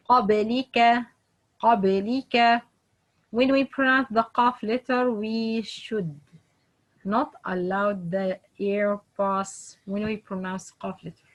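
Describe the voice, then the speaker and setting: A woman teaching Quran recitation in slow, repetitive English with phrasing. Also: on the high side, fairly even intonation, rough recording. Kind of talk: online lesson.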